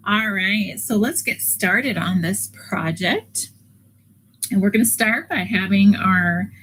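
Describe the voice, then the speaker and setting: A woman's voice: medium pitch, slight background noise, rough recording. Patient woman teaching an art class. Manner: patient step-by-step instructions with fillers. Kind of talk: live online art lesson.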